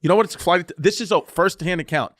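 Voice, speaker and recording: A man's voice: high-pitched, quick pace, a bit bright, dry recording, clean studio sound. A man co-hosting a podcast, telling a story in a loose, swearing way and laughing between sentences. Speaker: podcast host. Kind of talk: casual chat, storytelling.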